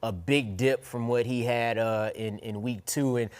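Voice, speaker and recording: Relaxed conversational male co-host. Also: mid-range voice, measured pace, clear, resonant tone. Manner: relaxed, conversational, loose phrasing. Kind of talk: casual sports podcast chat.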